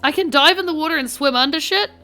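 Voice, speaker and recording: With faint music in the background, a young New Zealand woman commentates on the game she's playing in a casual let's-play. Her high, bright voice moves at a quick pace with a forceful tone. She's a game streamer who rambles, swears casually and pokes fun at herself.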